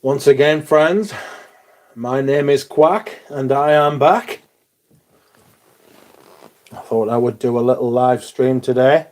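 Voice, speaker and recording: A man's voice: medium pitch, takes it slowly, pauses often, darkish tone. A man hosting a livestream, chatting casually with viewers, greeting them by name and swearing freely. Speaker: livestream host.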